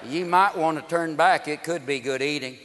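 Man doing a sly, deadpan talking truck. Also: fairly high pitch, moderate pace, voice pushed down, lightly acted. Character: sinister talking pickup truck, deadpan and hungry. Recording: live hall with crowd noise.

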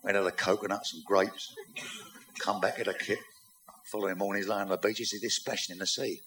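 A man telling bawdy jokes on stage, acting out characters with shouts and sound effects. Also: on the low side, little pitch movement, fairly quick. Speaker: stand-up comedian. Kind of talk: bawdy stand-up joke telling.

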